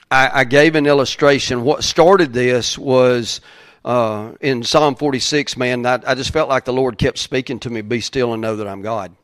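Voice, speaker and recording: A middle-aged pastor preaching a sermon, halting with many fillers and then building to fervent emphasis. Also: male voice, mid-range voice, no room sound, studio quality.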